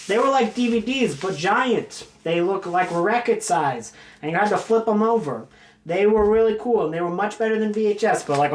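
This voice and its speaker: A man hosting a casual vlog about his film collection, rambling and joking at his own expense. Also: high voice. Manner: rambling, jokey, self-mocking. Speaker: video host showing his film collection.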